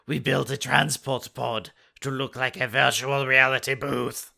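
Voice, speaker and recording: Storybook read-aloud: a man doing a cold alien captor, hollow and mechanical, with a gravelly, crisp bite. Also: mid-range voice, flat delivery, measured pace, pushed and bright, exaggerated voice. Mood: menacing. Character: tall menacing male alien kidnapper.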